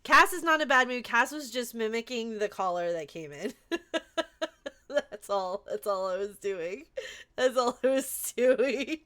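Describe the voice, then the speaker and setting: Bubbly high-voiced woman streamer. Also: lively intonation, measured pace, bright, forceful tone. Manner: bubbly, giggly, affectionate with chat. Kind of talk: live game stream chat.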